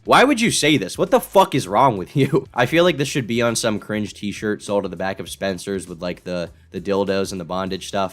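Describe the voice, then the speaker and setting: Male commentary host, low voice, sarcastic and crude reaction delivery. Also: animated, moderate pace, few pauses, a bit bright, faint music behind.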